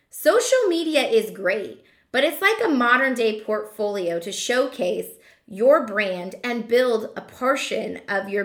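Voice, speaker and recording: Lively emphatic woman coaching hairdressers. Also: sits high. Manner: emphatic, rhetorical questions, slows down to stress points. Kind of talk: motivational monologue to fellow hairdressers. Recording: echoey room.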